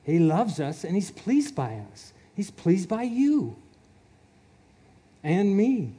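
Earnest male preacher, high-pitched and unhurried, prone to small laughs. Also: sing-song, mellow, slightly rough. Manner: earnest, chuckles often, repeats words. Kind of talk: sermon.

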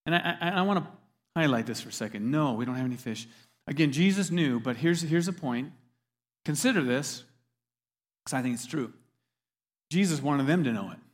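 A man's voice: a little high, expressive, moderate pace, pauses often. A man preaching a sermon as a pastor, earnest, repeating words as he stresses his points. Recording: long hall reverb.

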